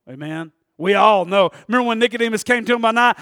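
Male preacher, very high voice, dry close sound, animated, laughing, conversational sermon. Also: racing, few pauses, no room sound. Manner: animated and conversational, laughs often, rises to shouting peaks. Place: church.

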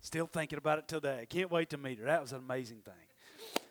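A man preaching a sermon in church, emphatic, swinging from loud exclamations to quiet murmurs. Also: fairly high pitch, a little fast, a little hiss or hum. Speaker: pastor.

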